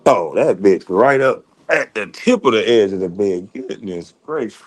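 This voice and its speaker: A man's voice: fairly low pitch, animated, normal speed. A man giving a casual, profane rant as a reaction commentator, blunt and laughing often. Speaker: commentator reacting to online critics.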